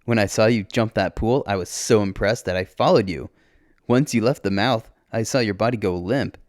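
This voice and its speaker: A man's voice: fairly low pitch, moderate pace, no room sound, studio quality, close to an everyday voice. A man voicing a cheerful, carefree young woman who talks bluntly and lightly. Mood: breezy. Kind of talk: audiobook character voice.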